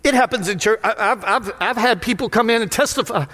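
A man pastor preaching a lively, playful sermon in a church sanctuary, often putting questions to the crowd. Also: sits high, brisk. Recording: long hall reverb of a sanctuary.

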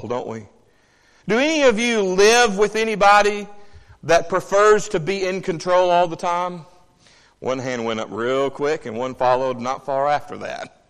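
A male pastor preaching a sermon, animated, asking the congregation questions and swinging between loud, quick passages and low, quiet ones. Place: church sanctuary. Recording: long hall reverb.

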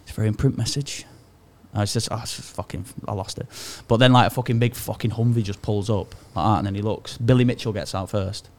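A man's voice: lowish voice, fairly even intonation, fast, few pauses, a little mellow. A man in his thirties, telling a story in casual, sweary podcast banter. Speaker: podcast co-host.

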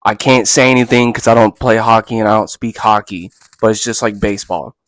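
A man's voice: lowish voice, fairly even intonation, a little fast, a bit bright, dry recording. A man co-hosting a podcast in casual chat, full of slang like "bro" and "dude.". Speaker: podcast co-host.

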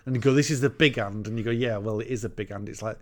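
A man's voice: lowish voice, fast. A man in casual chat, recapping a film in a wry, meandering way with fillers and laughs.

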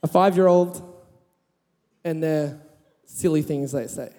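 High-voiced pastor, warm and chatty. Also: male voice, takes it slowly. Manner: chatty, laughing, rising to emphatic. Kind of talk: sermon with storytelling. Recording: long hall reverb.

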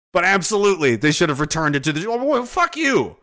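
A man's voice: high voice, pushed and bright. A Canadian man on a live stream, ranting angrily about politics in a profane, heated way. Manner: profane, heated, mocking voices of others. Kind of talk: angry political rant.

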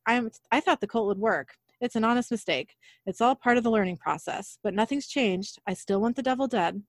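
A woman's voice: mid-range voice, brisk, no room sound, studio quality. A woman casually retelling a TV episode, reading each character's lines in her own voice and laughing at her own slips.

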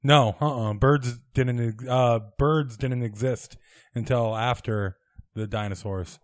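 A man's voice: mid-range voice, steady tone, slow pace, dry recording. A young man co-hosting a podcast with dry, wry, easygoing humor. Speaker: podcast co-host. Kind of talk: casual comedic chat.

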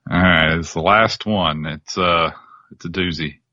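A man's voice: deep voice, unhurried, pushed and bright, dry recording, muffled recording. A man hosting a podcast, chatting casually and joking wryly. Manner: wry, dry joking. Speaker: podcast host. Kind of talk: casual chat.

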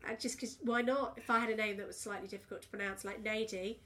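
A middle-aged woman in casual podcast chat, telling animated anecdotes and swearing freely. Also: medium pitch, quick pace. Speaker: podcast co-host.

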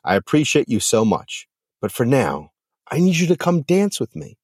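A man voicing a gentle, sincere newlywed male turtle who talks in an earnest, reassuring way. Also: mid-range voice, big pitch swings, normal speed, slightly rough, dry recording, studio quality, voice pushed up. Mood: tender.

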